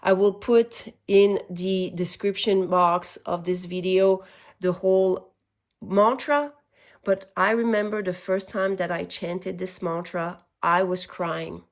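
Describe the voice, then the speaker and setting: A woman's voice: lowish voice, steady tone, slow. A woman giving a casual spiritual tarot reading, earnest and easily moved, laughing at times. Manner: earnest, gets emotional, laughs. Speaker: tarot reader.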